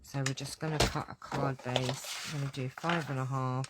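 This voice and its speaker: A woman's voice: extremely low pitch, flat delivery, moderate pace, very noisy. A woman teaching a card-making tutorial, chatting to herself and scattered as she works. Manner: chatty, talks to herself while working, scatterbrained. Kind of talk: hands-on craft tutorial.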